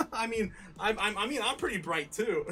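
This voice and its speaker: A man hosts a casual livestream, chatting loosely and laughing often. He stumbles through restarts and fillers in a bright, tense voice that sits slightly high. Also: animated, moderate pace. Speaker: crypto livestream host.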